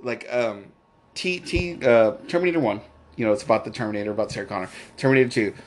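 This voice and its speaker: A man's voice: fairly low pitch, fast talker. A man co-hosting a casual movie-review chat, rambling with frequent restarts and fillers, and laughing easily. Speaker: podcast co-host.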